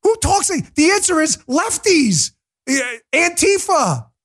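Male talk show host, high and combative, emphatic delivery. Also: very animated, unhurried, fairly bright tone. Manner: emphatic, combative, mocks opponents in put-on voices. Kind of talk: fiery political commentary.

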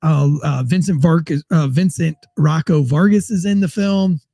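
Gravelly man chatting casually. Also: fairly high pitch, normal speed, dark tone, no echo. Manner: loose, rambling news recap with frequent fillers. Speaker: podcast host. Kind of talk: casual chat.

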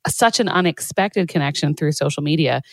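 A woman's voice: low voice, fairly quick, no echo, poor audio. A woman co-hosting a podcast, talking in a reflective, wry, casual way. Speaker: podcast co-host. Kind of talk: casual chat.

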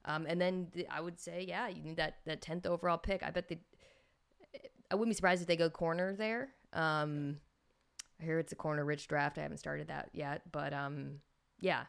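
A woman's voice: low voice, steady tone, normal speed, gravelly, clean tone. A woman hosting a sports podcast, chatting casually and thinking aloud with fillers and restarts. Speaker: podcast host.

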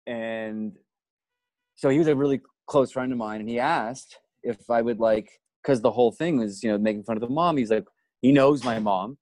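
A man in the middle of a casual podcast chat, telling a long and animated story at his own expense, with plenty of swearing. His voice sits at an ordinary pitch. It is picked up close and dry, with no room sound. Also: moderate pace, no echo, low-quality recording. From Canada. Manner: animated storyteller, self-deprecating, swears freely. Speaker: guest actor.

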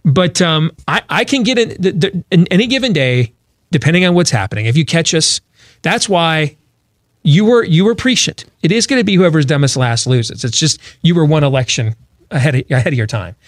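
A man's voice: a little high, animated, brisk, dry recording, studio quality. A man hosting a political talk show, talking emphatically with rhetorical questions and frequent restarts.

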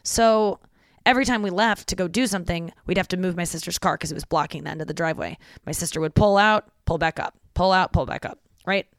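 Chatty storyteller with a smooth voice. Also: mid-range voice, fast, no room sound, clean studio sound. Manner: animated, chatty, lots of "like" and swearing. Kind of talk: casual storytelling.

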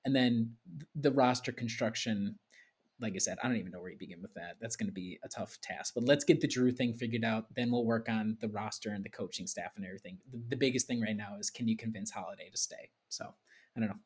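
A man's voice: on the low side, quick pace, a little mellow, husky. A man co-hosting a podcast, talking casually and often repeating words as he starts a thought. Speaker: podcast co-host. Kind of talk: casual chat.

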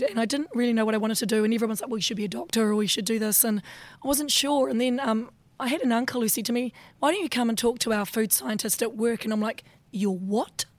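A woman from New Zealand with a husky, strained voice and a New Zealand accent, chatting as an interview guest in a self-deprecating way. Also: a little high, dry recording. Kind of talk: casual chat.

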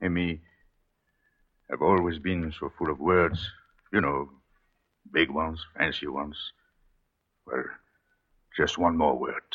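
A man playing the leading husband and narrator in a 1940s radio drama, talking in a hushed, intense, pleading way. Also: a bass voice, steady tone, slow pace, long pauses, heavily acted. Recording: dull 1940s radio broadcast with faint music.

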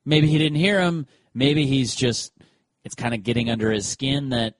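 Guy on a sports podcast, mid pitch, dry close sound, acts out the quotes as he goes. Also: fairly quick, dry recording. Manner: animated storyteller who acts out quotes. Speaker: podcast co-host. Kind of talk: casual sports chat.

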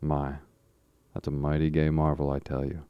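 A man's voice: a bass voice, monotone, normal speed, clean tone, no room sound, phone-quality sound. A man voicing a timid young boy in dialect. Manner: rural dialect speech.

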